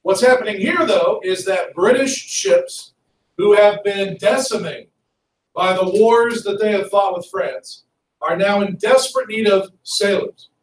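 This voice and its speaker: A male history teacher lecturing a class in a lively, conversational way and asking students questions. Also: high-pitched, measured pace, a little hiss or hum. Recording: echoey classroom from far off.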